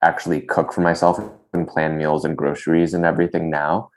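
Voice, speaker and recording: A man's voice: rumbling low, little pitch movement, fairly quick. A young man co-hosting a podcast, talking in a hesitant, self-deprecating way with many fillers, his voice sometimes cracking upward. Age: young adult. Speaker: podcast co-host. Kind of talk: casual chat.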